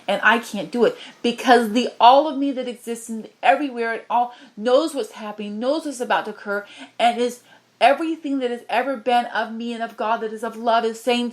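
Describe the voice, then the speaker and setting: A woman delivering a channeled spiritual message, pleading with passion and moving from low murmurs to high cries. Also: fairly even intonation, brisk.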